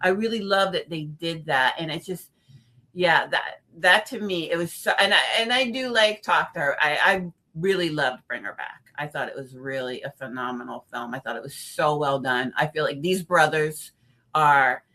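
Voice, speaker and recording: Woman horror reviewer, casual chat, bright forceful voice, animated reactions. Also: deep voice, moderate pace. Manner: expressive, animated, acts out reactions. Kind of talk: casual film discussion.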